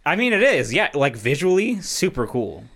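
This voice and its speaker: A man's voice: fairly high pitch, big pitch swings, normal speed, vocal fry, fairly bright tone, slight background noise. A man co-hosting a casual podcast, ranting bluntly and swearing about movies he disliked. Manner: blunt, profane, opinionated ranting. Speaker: podcast co-host. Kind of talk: casual chat.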